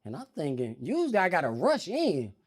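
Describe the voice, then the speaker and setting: A man tells a stand-up story from a live comedy stage, calling the audience y'all. His voice sits a bit high and leaps up and down all through the telling. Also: a little fast, breathy edge. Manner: animated, addresses the audience as y'all.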